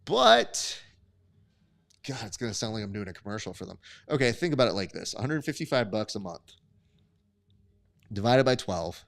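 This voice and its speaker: A man's voice: lowish voice, big pitch swings, normal speed, vocal fry, long pauses, a bit bright. A man hosting a live stream, calling grappling results and reading chat in a casual, profane, bantering way.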